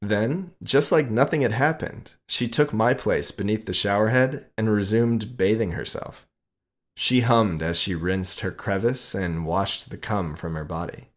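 A man reading his own adult short story aloud in a slow, measured way. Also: on the low side.

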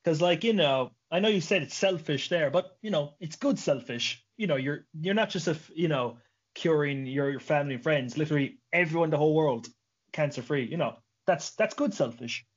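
A man's voice: on the high side, lively intonation, a little fast, breathy edge, muffled recording. A man hosting a podcast, chatting casually, joking and swearing as he rambles. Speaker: podcast host. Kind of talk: casual chat.

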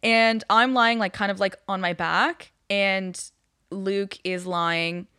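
A woman's voice: mid-range voice, slow, clear, resonant tone, no room sound, clean studio sound. A young woman telling a spooky story from her own life in casual chat, rambling with lots of fillers. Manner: rambling, many fillers, animated retelling.

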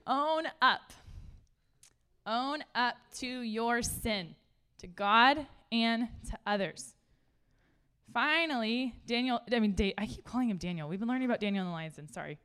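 Animated woman preaching. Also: a little high, a little slow, clean tone. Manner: conversational and animated, laughs often. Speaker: pastor. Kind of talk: sermon.

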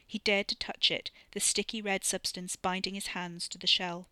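A woman in her forties narrating an audiobook in a steady, expressive storytelling manner on a close microphone. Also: medium pitch, normal speed, clean tone, no room sound.

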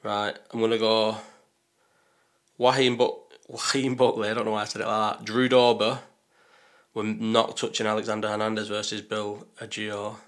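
A man with a somewhat low-pitched voice chats loosely through his betting picks. He rambles and thinks out loud, doubting himself and correcting his choices as he goes. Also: completely flat delivery, normal speed. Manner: rambling, talks to himself, second-guesses aloud. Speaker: betting vlogger. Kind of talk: casual chat while placing bets.

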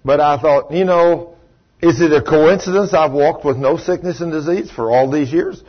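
A man's voice: a little high, moderate pace, husky, highs cut off. A man preaching a storytelling sermon in a conversational way, full of "you know".

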